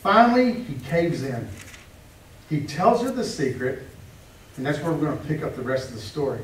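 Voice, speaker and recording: A male pastor preaching a sermon, animated and joking as he acts out the story's quotes. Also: on the high side, normal speed. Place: church hall. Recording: echoey room, mic at a distance.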